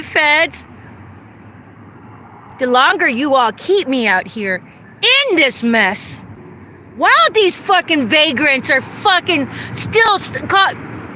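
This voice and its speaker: High, bright-voiced woman ranting profanely. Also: a little hiss or hum. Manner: profane, angry, accusatory. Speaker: vlogger. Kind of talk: ranting vlog monologue. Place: outdoors.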